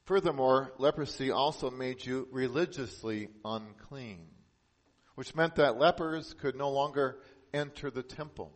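An earnest pastor delivers a sermon in a mid-range voice. He raises his volume for emphasis, then drops soft and slow on the key points.

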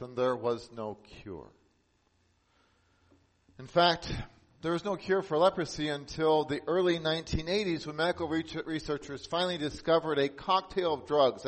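A man preaching a sermon as pastor, earnest, lifting his voice for emphasis and dropping soft and slow on key points. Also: on the high side.

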